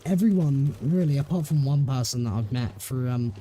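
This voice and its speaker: A man with an English accent talks in a loose, rambling way while gaming, laughing easily between thoughts. His voice is very dark and mellow, with relaxed, everyday chat. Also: mid-range voice, moderate pace. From England. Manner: rambling, chatty, laughs often. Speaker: streamer. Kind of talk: casual chat during a game stream.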